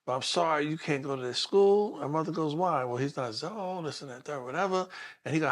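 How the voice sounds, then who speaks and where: Man, 60s, New York accent, interview guest, storytelling, acts out quotes, somewhat high pitch. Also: quick pace. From New York City. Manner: animated, acts out quoted voices in stories. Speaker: guest, detective.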